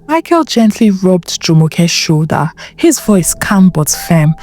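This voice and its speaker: A woman narrating a story in an emotive, expressive way. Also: lowish voice, slow, few pauses, soft background music.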